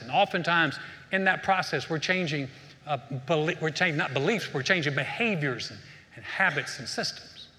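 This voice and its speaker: Bright high-voiced male preacher. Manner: conversational, repeats words as he restarts. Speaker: pastor. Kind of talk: sermon with a told joke. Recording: preached in a hall with long reverb.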